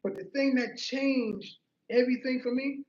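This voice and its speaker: High-voiced man giving an earnest motivational talk. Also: steady tone, normal speed, darkish tone. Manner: earnest, storytelling, repeats phrases for emphasis. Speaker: motivational speaker. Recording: roomy, slightly muffled.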